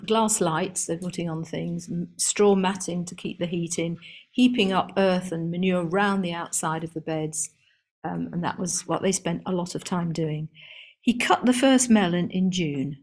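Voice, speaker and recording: A garden historian with a fairly low, darkish voice gives a seminar lecture at a measured pace. She's chatty and amused, with plenty of ums and restarts as she works through long lists. It sounds like a live talk to a room, with listeners also joining online.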